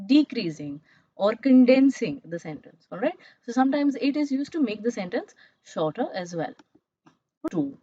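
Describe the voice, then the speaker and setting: Female grammar teacher, slightly high voice, explanatory, muffled dry recording. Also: warm tone, no room sound. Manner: explanatory, checks in with "all right?" and "right?". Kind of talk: online grammar lesson.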